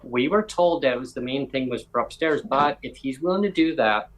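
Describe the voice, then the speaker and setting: Animated man telling a story. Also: medium pitch, brisk, rough recording. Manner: animated, acts out other people's lines in quoted voices. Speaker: podcast host. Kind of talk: casual storytelling chat.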